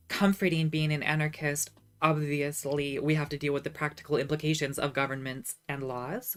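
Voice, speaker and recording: Low-voiced woman streamer, chatty and sarcastic. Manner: chatty, animated, sarcastic asides. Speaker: streamer reading live chat. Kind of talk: casual livestream chat.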